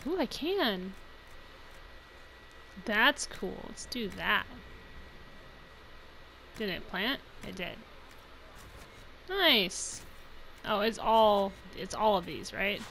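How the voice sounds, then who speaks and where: A woman's voice: medium pitch, sing-song, extremely slow, pauses often, pushed and bright, slight background noise, poor audio. A young woman giving chatty, rambling let's play commentary, laughing often. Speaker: gaming channel host.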